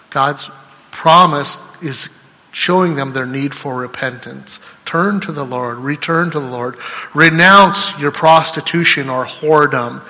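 Bright-voiced male preacher in echoing hall. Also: on the high side. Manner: swings between loud declarations and soft trailing endings. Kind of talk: sermon with scripture reading. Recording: long hall reverb.

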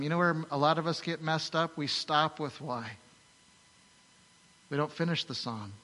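Bright-voiced preacher telling a story. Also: male voice, fairly high pitch. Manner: animated storytelling with rhetorical questions. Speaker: pastor. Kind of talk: sermon. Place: large church hall. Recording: long hall reverb.

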